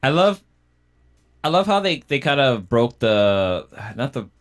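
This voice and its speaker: A man on a livestream podcast, retelling moments in an animated, amused way. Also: medium pitch, unhurried, faint music behind. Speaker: podcast co-host. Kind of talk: casual livestream chat.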